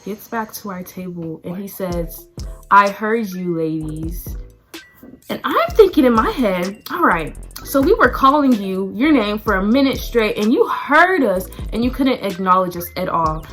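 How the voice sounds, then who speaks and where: A teenage girl from Texas, chatty and animated, telling a storytime vlog with lots of "like" and "y'all". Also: mid-range voice, measured pace, soft background music. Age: teens. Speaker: vlogger.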